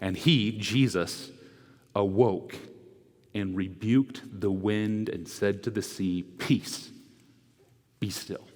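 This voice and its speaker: Conversational preacher with a big hall echo. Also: male voice, on the low side. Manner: conversational, with rhetorical "right?" asides; swings from loud and quick to hushed and slow. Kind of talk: sermon. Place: church sanctuary. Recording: echoey church hall.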